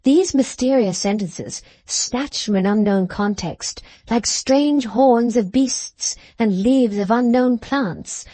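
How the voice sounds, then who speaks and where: A woman reading a classic novel as an audiobook narrator, in a measured storytelling manner. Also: on the high side, warm tone, no echo. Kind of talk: scripted narration.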